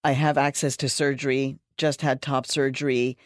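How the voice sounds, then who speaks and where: A man hosting a podcast panel, thoughtful, pausing often with "um". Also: mid-range voice, little pitch movement, no echo, clean studio sound. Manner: thoughtful, many "um" pauses. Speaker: podcast host.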